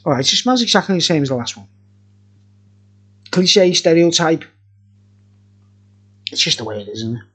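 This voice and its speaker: A man's voice: fairly high pitch, sing-song, moderate pace, pauses often, a bit bright, breathy edge. A man, reviewing beer in a rambling, jokey, profane casual chat. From England.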